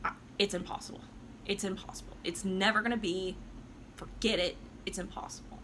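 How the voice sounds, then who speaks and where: A woman's voice: medium pitch, steady tone, fairly quick, bright, forceful tone, a little hiss or hum, lightly acted. A woman voicing a flirtatious, sassy party hostess who brushes off a suitor and then scolds herself. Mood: self-scolding. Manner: breezy, sassy, talks to herself.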